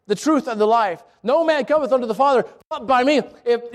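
A young man preaching a sermon, telling stories with lively acted-out asides to his congregation. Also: very high voice. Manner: animated storytelling with acted-out asides.

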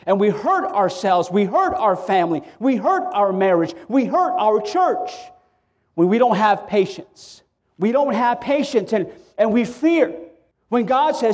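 A man's voice: sits high, sing-song, normal speed, darkish tone. A middle-aged man preaching a sermon as pastor, impassioned and acting out prayers and quotes, often stammering as he restarts.

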